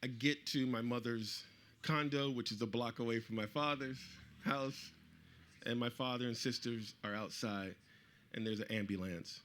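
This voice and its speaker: A middle-aged man tells a personal story to a live audience, his voice bright and forward. He is animated and acts out the people he quotes. His pitch sits in an ordinary middle range. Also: moderate pace. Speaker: author speaking at a book event.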